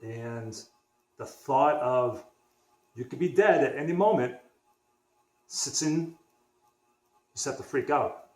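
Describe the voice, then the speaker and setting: A man's voice: medium pitch, slow, long pauses, a little mellow. A young man from the Boston area telling a personal story on his vlog in a casual, rambling way, restarting sentences and acting out what others said. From Boston area, USA. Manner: rambling, restarts often, acts out dialogue. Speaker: vlogger. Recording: echoey room.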